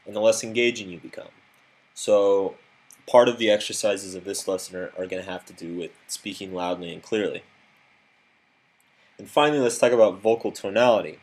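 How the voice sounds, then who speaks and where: A man narrating a self-improvement lesson in a direct, instructive way, with occasional fillers. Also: lowish voice.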